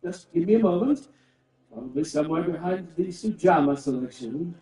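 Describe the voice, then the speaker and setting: A man plays a fussy, chatty male aristocrat in a video game, gushing and rambling with theatrical flair. His high, lively voice has a mellow tone, and it sounds roomy and distant over game music. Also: a little fast, natural voice.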